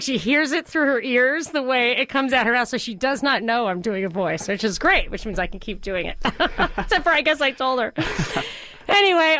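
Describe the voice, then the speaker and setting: A woman's voice: sits high, a bit bright, no echo. A woman hosting a talk radio show from a studio, chatting casually and animatedly, laughing often.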